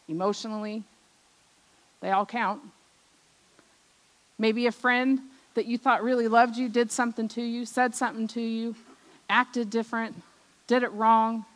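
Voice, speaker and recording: Woman, middle-aged, personal testimony sermon, fairly high pitch, storytelling, soft line endings. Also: low-quality recording. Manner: storytelling, acts out remembered voices, drops soft at ends of lines. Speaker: speaker at a church service.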